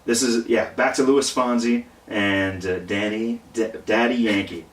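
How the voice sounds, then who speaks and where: Give me a halting, deadpan male guest on a podcast. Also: fairly low pitch, far from the mic. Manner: halting, dry deadpan humor. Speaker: guest co-host. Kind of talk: casual chat. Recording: roomy and off-mic.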